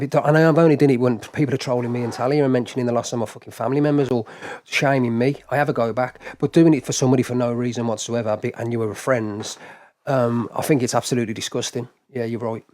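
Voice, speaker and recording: Speaking quickly in a steady, medium-pitched, somewhat dark voice, a man hosts a live stream and rants at his audience. His talk is heated, full of swearing and repetition, and aimed right at the chat in a casual style.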